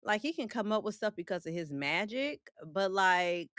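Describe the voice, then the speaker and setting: A woman's voice: medium pitch, lively intonation, normal speed, a bit bright, clear, resonant tone, no echo, studio quality. A woman hosting a casual livestream, greeting and answering her chat in a playful, joking way with frequent laughs and slang. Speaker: livestream host reading chat.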